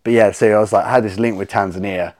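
A man chatting on a podcast as a guest, telling stories in a rambling, animated way with lots of fillers. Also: fairly low pitch, fast talker. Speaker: podcast guest, soap brand owner. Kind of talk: casual podcast chat.

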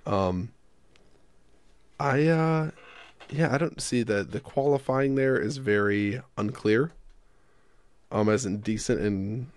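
A man's voice: mid-range voice, slow pace, long pauses, a little mellow. A young man co-hosting a casual radio chat, rambling and self-deprecating as he jokes. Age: young adult. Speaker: co-host.

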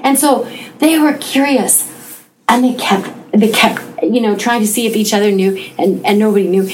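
A woman's voice: mid-range voice, normal speed, slight background noise, poor audio. A woman who taught school recalling a classroom memory, amused and often laughing. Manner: amused, laughing through the telling. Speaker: teacher. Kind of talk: personal anecdote.

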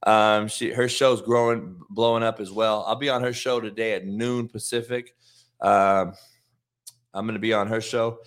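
A middle-aged man hosting his show, telling a profane, animated story in a casual monologue. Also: lowish voice, normal speed. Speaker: host.

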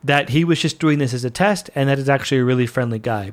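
An excitable man hosts a fan podcast in a chatty, playful monologue. His voice sits at an ordinary middle pitch for a man, and he rushes along with obvious enthusiasm. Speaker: podcast host.

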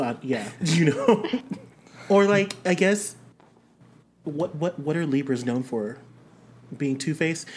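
Lively teasing podcast co-host. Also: medium pitch, a little hiss or hum. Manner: teasing, playful, stumbles over words. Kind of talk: casual chat.

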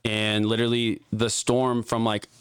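Young man, lowish smooth voice, dry close mic; casual profane storyteller, filler-heavy. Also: completely flat delivery, moderate pace, no room sound. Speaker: guest telling a story.

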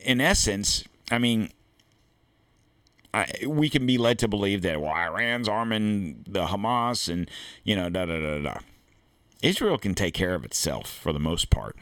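A deep-voiced American man hosts a political commentary podcast. He reads an article aloud and stops to add blunt, cursing asides of his own. The sound is dry and close. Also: very animated, measured pace, fairly bright tone, no echo. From United States. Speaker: podcast host. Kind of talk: opinionated commentary reading an article.

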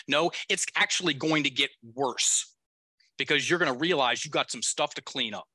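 A man's voice: medium pitch, moderate pace, pushed and bright, no echo. A male coach who is a guest on a podcast, talking bluntly and with emphasis and some casual swearing. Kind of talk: podcast conversation.

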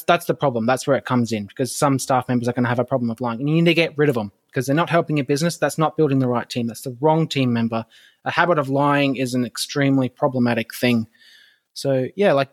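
A man talking as a podcast guest in a relaxed, animated way, laughing often. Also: mid-range voice. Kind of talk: casual podcast conversation.

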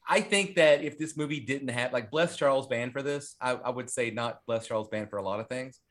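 A man's voice: medium pitch, fairly quick, fairly bright tone. An ordinary-sounding man talks through a horror movie on his podcast. He rambles and swears freely, leaning on plenty of "like"s and "um"s as he goes. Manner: rambling and profane, with many fillers. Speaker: podcast host. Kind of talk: casual horror movie chat.

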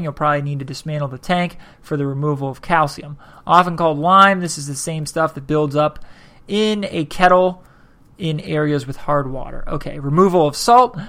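A man's voice: a little high, fairly bright tone. Rambling, sarcastic man hosting a podcast. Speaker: podcast host. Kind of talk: casual podcast monologue, reading articles aloud.

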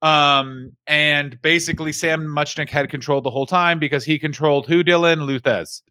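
A man's voice: on the high side, fairly even intonation, normal speed, bright, forceful tone, no room sound. A man co-hosting a comedy podcast, rambling through the history with jokes. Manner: rambling, jokey, slips into silly character voices. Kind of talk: comedic casual chat.

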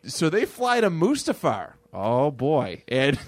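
Animated man retelling a comic story. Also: fairly high pitch, slow pace, dry recording. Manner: animated retelling with stammered restarts. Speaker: podcast co-host. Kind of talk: casual chat.

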